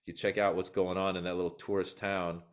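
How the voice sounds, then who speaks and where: A man who is a comedian and guest on a podcast, telling animated stories that act out what people said. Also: low-pitched, brisk. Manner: animated, acts out quotes in story. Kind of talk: podcast interview storytelling.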